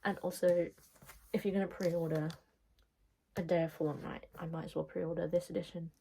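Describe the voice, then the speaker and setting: A woman's voice: fairly low pitch, flat delivery, moderate pace, creaky, warm tone, a little hiss or hum, poor audio. A woman chatting casually to camera about books, self-deprecating and sometimes dropping into whispered asides. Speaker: book vlogger.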